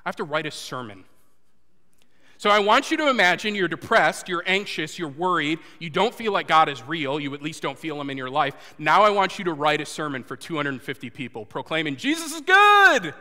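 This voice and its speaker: A man preaching a sermon and telling a personal story, earnest, moving between loud urging and hushed confession. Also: a little high, brisk. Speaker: pastor. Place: church sanctuary before a congregation. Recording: long hall reverb.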